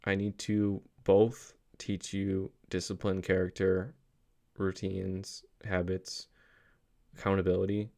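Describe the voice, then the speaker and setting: A man's voice: low voice, completely flat delivery, takes it slowly, darkish tone. A young adult man talking to his kids in a casual, reflective vlog, rambling earnestly with many fillers and restarts. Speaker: father vlogging a daily reflection.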